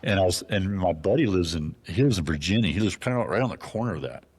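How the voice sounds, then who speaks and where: A man's voice: sits low, quick pace, breathy edge. A man from Arizona, a bowhunter and guest on a show, telling casual stories that he acts out, with many restarts. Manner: animated anecdotes, acts out other people's lines, frequent restarts. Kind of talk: casual storytelling.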